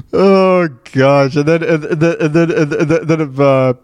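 A man's voice: fairly high pitch, darkish tone, no room sound. A man hosting a radio show, telling stories in a rambling, casual way with many fillers and restarts. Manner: laughs at his own retold jokes. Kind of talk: casual storytelling monologue.

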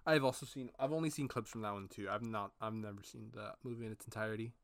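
A man co-hosting a casual podcast, chatting in a relaxed, agreeable way and often saying "alrighty.". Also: on the low side, fast talker, no room sound. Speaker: podcast co-host. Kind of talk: casual chat.

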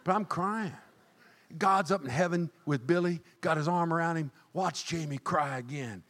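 An older man preaching a sermon as pastor, swinging from low, quiet remarks to high, shouted lines. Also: moderate pace. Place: church sanctuary. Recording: church hall reverb.

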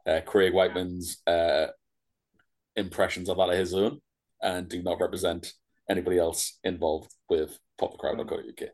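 Deep-voiced man, dry joker. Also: little pitch movement, moderate pace, darkish tone. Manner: dry, joking, hesitant with fillers. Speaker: podcast co-host. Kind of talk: casual chat.

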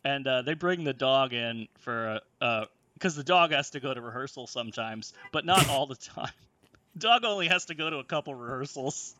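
A man's voice: mid-range voice, normal speed. A man telling a workplace story on a casual chat show, swearing often and laughing as he goes. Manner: profane, animated, laughing while telling. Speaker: storyteller on a comedy podcast.

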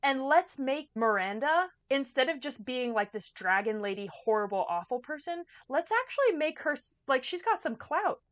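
A woman's voice: high-pitched, sing-song, normal speed, hardly any pauses, no room sound. Chatty woman co-host, dry close sound. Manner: chatty, laughs easily, explains background. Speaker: podcast co-host. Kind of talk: casual movie chat.

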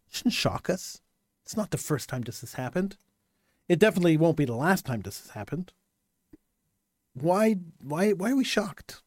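Guy ranting solo to the camera, lively rising-and-falling voice, dry close sound. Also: on the high side, normal speed, no room sound. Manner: impassioned, repetitive rhetorical questions. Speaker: commentator. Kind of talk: monologue commentary.

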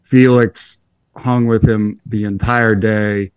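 A young man with a low voice talks as a guest in a casual interview. He rambles easily and pokes fun at himself. The recording is close and dry, with no room echo. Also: takes it slowly, clean tone. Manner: relaxed, rambling, self-deprecating. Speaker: guest golfer.

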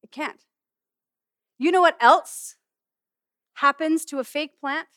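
A middle-aged woman pastor giving an animated, humorous sermon in a conversational way. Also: sits high, slow pace, no room sound, studio quality. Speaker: pastor and student chapel speaker. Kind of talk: sermon with object lesson.

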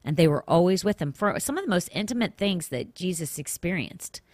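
Woman host, lowish voice, dry close sound, earnest casual Bible teaching. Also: animated, a little fast, darkish tone, no echo. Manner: earnest, conversational, with restarts and emphatic asides. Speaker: podcast host.

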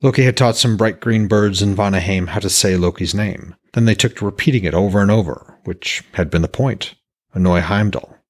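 A man narrating his own fantasy novel as an audiobook, in a measured, descriptive storytelling voice. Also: fairly low pitch.

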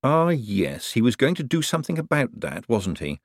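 A male audiobook narrator with a wry, expressive reading and a lively, rolling pitch. His voice sits mid-range and sounds close and dry, with no room around it. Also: moderate pace, dry recording. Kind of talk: scripted narration.

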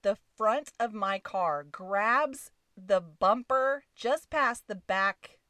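A woman's voice: mid-range voice, lively intonation, takes it slowly, pushed and bright, dry recording. A middle-aged woman co-hosting a podcast, telling a story in a casual, rambling way and searching for words. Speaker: podcast co-host. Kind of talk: casual chat. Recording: voice a bit far from the mic.

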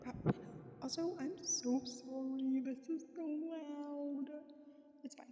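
High-voiced woman rambling from bed. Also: fairly even intonation, unhurried, mellow, echoey room, long reverb tail. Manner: rambling, sweary, often whispering. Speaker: podcast host. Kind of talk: casual rambling chat. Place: bedroom, lying in bed. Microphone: phone.

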